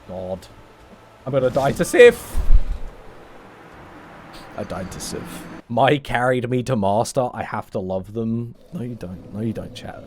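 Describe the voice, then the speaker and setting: A man's voice: mid-range voice, animated, unhurried, pauses often, a little mellow, a little hiss or hum. A young man streaming a game, chatting casually with his viewers in a rambling, self-mocking way and swearing often. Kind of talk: casual gameplay chat with stream chat.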